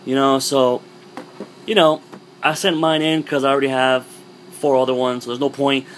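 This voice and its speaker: A man's voice: medium pitch, moderate pace, a little hiss or hum. Young man losing his voice, rambling gamer vlogger. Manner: rambling, filler-heavy, relaxed. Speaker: gaming vlogger. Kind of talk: casual product review.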